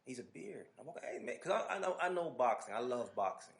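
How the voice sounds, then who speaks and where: A man hosting a podcast, telling an animated, casual story full of restarts and asides. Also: medium pitch, brisk, creaky. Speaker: podcast host.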